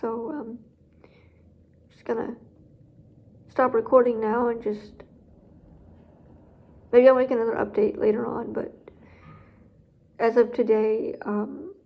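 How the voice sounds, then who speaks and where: A woman with a slightly high voice speaks candidly in a personal vlog. She rambles with lots of fillers and sounds emotionally drained. The recording is dull and lo-fi. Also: steady tone, slow, vocal fry, long pauses. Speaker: guide dog handler vlogger.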